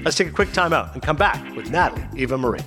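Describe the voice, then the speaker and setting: A man hosting a podcast, rapidly and animatedly retelling a TV finale in a casual chat. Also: fairly high pitch, lively intonation, over loud music. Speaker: podcast host. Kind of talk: casual TV recap.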